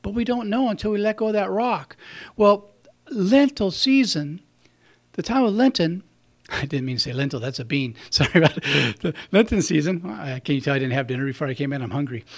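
A man's voice: high voice, animated, moderate pace, creaky. A man giving a conversational sermon, telling stories and laughing at his own slips. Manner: conversational, warm storytelling, chuckles at himself. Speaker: preacher.

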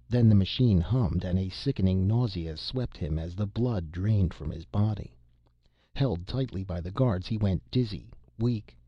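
A man narrating a science fiction story in a steady, measured reading. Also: sits low, husky, no room sound, highs cut off. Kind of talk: audiobook narration.

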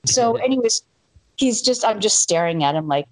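A middle-aged woman co-hosting a casual chat, telling an animated story and acting out the quotes. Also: mid-range voice, no room sound, rough recording. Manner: animated, acts out quotes, quick asides.

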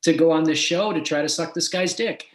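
A man's voice: on the high side, brisk, roomy sound. A man co-hosting a podcast, talking in a wry, teasing, blunt way. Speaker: podcast co-host. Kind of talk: casual podcast chat.

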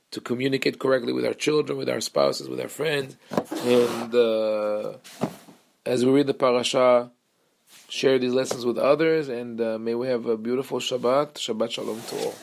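A man teaching a Torah lesson as a rabbi, earnest and explanatory, pausing and restarting often. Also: mid-range voice, creaky.

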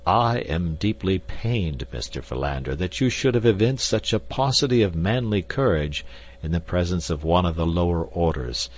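A man's voice: low-pitched, slightly rough. A man voicing an elderly professor who talks in long-winded, stilted, formal sentences. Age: older. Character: elderly pompous male professor.

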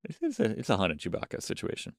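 A man co-hosting a casual podcast chat, halting often and repeating words as he thinks aloud. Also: low voice, huge pitch swings, dry recording, studio quality. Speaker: podcast co-host.

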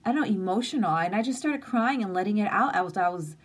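Brief: woman in her forties, mid-pitched voice, sincere conversational live-stream host. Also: animated, quick pace, breathy edge. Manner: earnest, open and conversational, with emphatic lists. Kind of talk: casual heartfelt live-stream talk.

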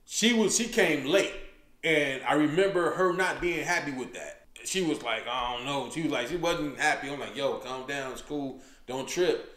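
A man's voice: a little high, expressive, normal speed, fairly bright tone. A male comedian hosting his own show, telling stories in a loose, slangy, casual way and calling people "man" every few words. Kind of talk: casual podcast chat. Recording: roomy echoey room.

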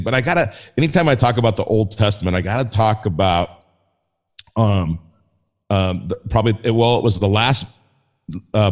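A man with a fairly low voice talks as a podcast guest in a casual faith conversation. He comes across as enthusiastic and rambling, often restarting his sentences.

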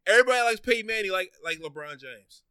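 A man's voice: high voice, expressive, fast, bright, forceful tone, clean tone, no room sound. A man co-hosting a podcast, chatting casually, teasing his friends and stammering when he gets worked up. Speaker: podcast co-host. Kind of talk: casual chat.

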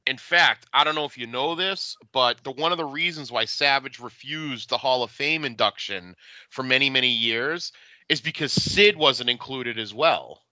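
A man's voice: mid-range voice, normal speed, sharp tone, no echo, muffled recording. A man co-hosting a podcast, chatting casually with wry, playful remarks and trivia. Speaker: podcast co-host. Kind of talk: casual chat over a video.

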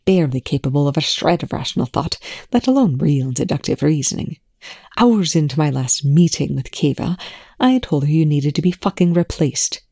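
A coolly cutting, sarcastic male scientist, as the reader puts him on, every line laced with polite contempt. The voice is mellow and dark in tone. The recording is dry and close. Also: medium pitch, animated, moderate pace, vocal fry, dry recording. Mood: scathing. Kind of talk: audiobook-style fan fiction reading.

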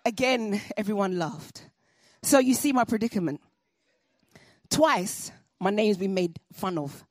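A woman telling a personal story to an audience, animated and comic with laughing asides. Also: medium pitch, measured pace, no room sound, studio quality.

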